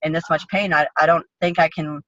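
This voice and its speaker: A woman MMA fighter tells her story in a blunt, profane and vivid way. Her voice is bright and forceful. The sound is dry and close, with a dull lo-fi quality. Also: low voice, fairly even intonation, fairly quick, no room sound. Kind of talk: casual interview storytelling.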